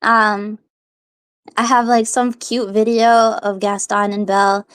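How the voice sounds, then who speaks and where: A woman's voice: medium pitch, little pitch movement, slow, a bit bright, clean tone. A young woman hosting a live audio chat, telling rambling stories and laughing often. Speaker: social audio host. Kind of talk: casual chat.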